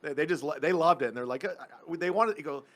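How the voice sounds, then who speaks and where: A man from the Cleveland area hosting a podcast, chatting casually with loud laughing outbursts and rambling asides. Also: fairly high pitch, animated, fast talker. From Cleveland area, Ohio. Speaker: podcast host. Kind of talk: casual chat.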